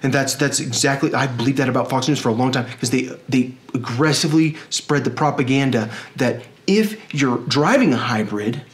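A man from Texas talking in a rambling monologue, full of restarts and fillers. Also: mid-range voice. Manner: rambling, halting, with many restarts.

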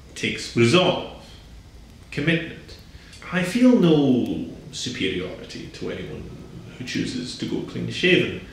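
A man's voice: medium pitch, creaky, very echoey, a little hiss or hum, rough recording. A man speaking solemnly and grandly in a documentary interview. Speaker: bearded interviewee.

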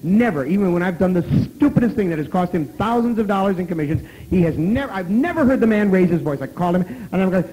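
A man telling a story at a live convention talk, animated and profane, who now and then breaks into loud shouting. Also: high voice, quick pace, few pauses, poor audio. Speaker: guest of honor speaker.

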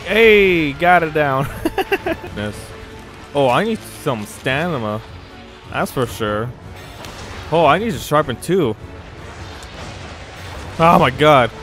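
A man commentating as he plays a game, excitable, exclaiming often and laughing a lot. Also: a little high, slow pace, long pauses, faint music behind. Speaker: gaming channel host. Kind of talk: live gameplay commentary.

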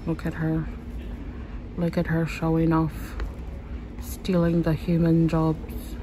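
A woman's voice: low-pitched, completely flat delivery, slow, dark tone, a little hiss or hum, low-quality recording. A young woman from Samoa, chatting and joking to her phone camera in a casual vlog. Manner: chatty, laughing, self-mocking asides. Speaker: vlogger.

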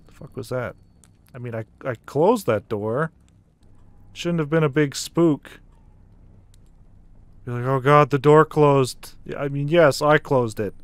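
A man's voice: medium pitch, no room sound. A man streaming a horror game, chatting casually and swearing freely as he reacts with startled exclamations. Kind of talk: casual live-stream commentary while playing a horror game.

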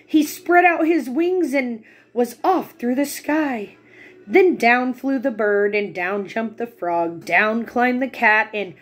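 A young woman reading a picture book aloud to children, slow and expressive, pausing to ask the listener questions. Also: on the high side.

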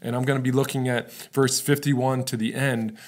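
A man's voice: mid-range voice, little pitch movement, normal speed. Casual, conversational male pastor preaching. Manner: casual, relatable, often checks in with "right?". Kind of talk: conversational sermon.

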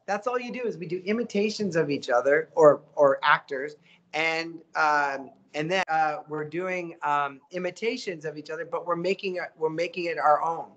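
Man, middle-aged, slightly high voice, animated, motivational guest chat. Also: moderate pace. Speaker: voice actor guest. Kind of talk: casual interview chat.

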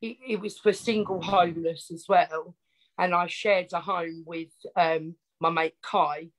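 A woman's voice: fairly low pitch, steady tone, unhurried, poor audio. A woman with an Essex accent, telling her life story as a podcast guest in a chatty, frank, self-mocking way. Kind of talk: casual storytelling interview.

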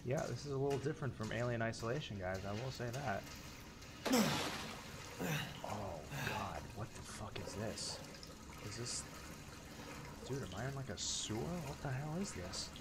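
A man's voice: mid-range voice, lively intonation, moderate pace, long pauses. Jumpy swearing gaming streamer man. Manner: jumpy, swearing, talking to chat. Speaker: game streamer. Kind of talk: live gameplay commentary.

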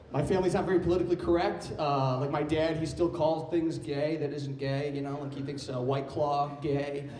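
A man's voice: fairly high pitch, darkish tone, slight background noise. Brash young man doing stand-up. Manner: brash, loose, playful crowd talk. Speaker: stand-up comedian. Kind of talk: stand-up comedy set. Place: comedy club stage. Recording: roomy live club sound, distant mic. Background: audience laughter.

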